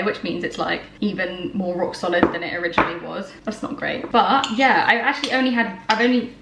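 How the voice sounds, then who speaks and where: A young woman vlogger chats casually about her day in her home kitchen, laughing often and poking fun at herself. Her voice is mid-range, and the recording is noisy and echoey, with kitchen clatter.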